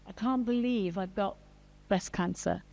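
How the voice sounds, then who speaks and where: A woman's voice: medium pitch, a little slow, vocal fry, a little mellow. An older woman, a grandmother, speaking in a heartfelt way as a guest on a panel. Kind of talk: panel discussion. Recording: long hall reverb.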